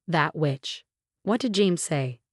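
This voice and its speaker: A woman's voice: sits low, lively intonation, slow, no echo, studio quality, full character voice. A woman voicing a loyal, fiery female best friend in a storybook narration, speaking protectively. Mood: supportive.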